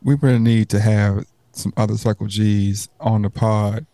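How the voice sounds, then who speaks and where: A man's voice: on the low side, fairly even intonation, moderate pace, mellow, no room sound. A man with a Texas accent, co-hosting a podcast in casual, joking banter full of slang. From Texas, Houston's Third Ward. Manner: laid-back, joking, slangy. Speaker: podcast co-host.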